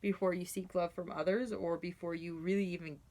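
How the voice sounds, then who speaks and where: A woman with a slightly low voice gives a casual tarot reading. She talks straight to her listener in an earnest, reassuring way. Her sentences loop back and restart, full of fillers. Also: fairly even intonation, a little fast, dark tone. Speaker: tarot reader.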